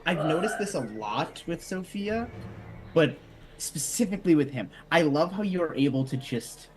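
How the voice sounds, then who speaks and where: A man's voice: a little high, expressive, moderate pace, over music, rough recording. A man who plays in a tabletop game, chatting casually after the session, rambling and swearing with frequent restarts. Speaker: player. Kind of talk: casual post-session chat.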